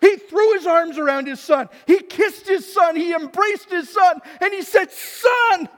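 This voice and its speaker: Brief: a male pastor with an impassioned sermon delivery, very high voice, long hall reverb. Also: normal speed. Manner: impassioned, swings between shouting and quiet.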